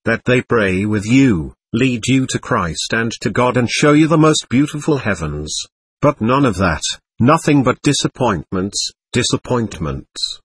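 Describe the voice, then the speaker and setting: A man's voice: mid-range voice, fairly bright tone, husky, dry recording. A man reading a first-person story aloud in a plaintive, earnest way. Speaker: narrator.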